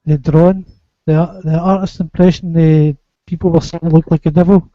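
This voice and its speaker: A man with a fairly high voice asks easygoing questions in a group chat. His audio is dry and close, with the dull, narrow sound of a lo-fi call. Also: steady tone, normal speed, no room sound. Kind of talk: casual chat.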